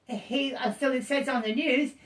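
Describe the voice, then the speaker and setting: A woman's voice: sits high, steady tone, moderate pace. A woman chatting casually in a vlog, emphatic and often cutting in. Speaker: vlogger. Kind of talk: casual chat.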